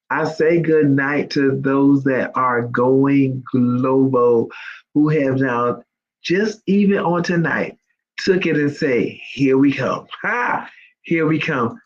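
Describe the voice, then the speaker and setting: A man hosting an inspirational faith livestream, talking in an emphatic, repetitive, preacherly way. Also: mid-range voice. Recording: dull lo-fi sound.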